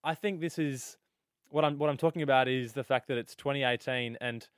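A man's voice: mid-range voice, a little fast, smooth, no echo, clean studio sound. A man co-hosting live radio, talking earnestly and with energy, often laughing. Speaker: radio co-host. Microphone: studio mic.

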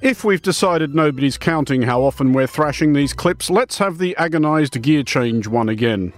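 A man reads scripted satirical news commentary with dry, elaborate wit. His voice sits a little higher than most men's. He sounds like a polished radio presenter savouring each pompous turn of phrase. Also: expressive, moderate pace.

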